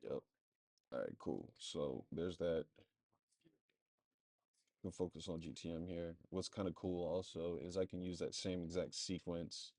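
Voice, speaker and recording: A man with a very low, dark and mellow voice talks through a screen-share walkthrough, thinking aloud as he goes. His delivery is loose and rambling, full of fillers. The sound is dry and close, with no room echo. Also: measured pace, long pauses. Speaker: marketing agency presenter.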